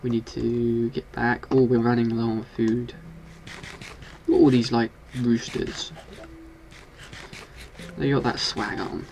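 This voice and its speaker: A man giving casual, excitable commentary while playing a video game, scolding and swearing at the monsters on screen. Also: medium pitch, moderate pace, pauses often. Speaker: gaming video host.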